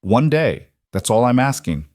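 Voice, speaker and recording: A man's voice: mid-range voice, very animated, a little slow, darkish tone, no echo, studio quality, voice pushed up. A man playing an angry defiant cowboy. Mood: urging. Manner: heated, accusing.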